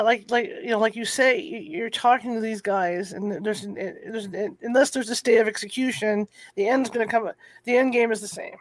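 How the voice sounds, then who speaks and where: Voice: medium pitch, no room sound. Stumbling interviewer with dry sound. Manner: stumbling, repeats words, frequent backchannels. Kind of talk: casual interview talk.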